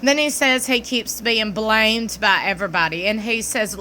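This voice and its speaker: A woman's voice: a little high, moderate pace, few pauses, sharp tone, a little hiss or hum. A woman with a Southern US accent giving blunt, mocking commentary as a vlogger. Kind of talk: opinionated commentary.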